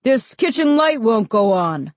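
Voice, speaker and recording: A woman voicing a practical father who sounds worried and brisk. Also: a little high, expressive, no room sound.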